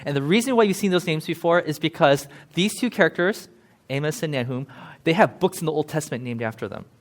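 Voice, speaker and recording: A man preaching in a church with an easy, conversational style. His voice sits a little high, and he talks loosely and jokes with the congregation as he explains the text. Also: animated. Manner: chatty, joking, with quick laughs. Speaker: pastor. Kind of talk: casual sermon.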